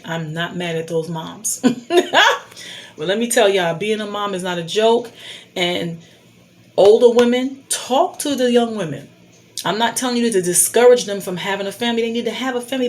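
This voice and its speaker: A middle-aged woman giving blunt life advice to a phone camera, emphatic and preachy, repeating her key points. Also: medium pitch. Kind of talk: candid advice monologue.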